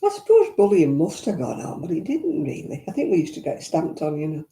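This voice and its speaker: Deep-voiced, warm, and very animated, this older Northern English woman talks briskly while vlogging from home. She reminisces and answers viewer comments with blunt asides, her room sounding echoey.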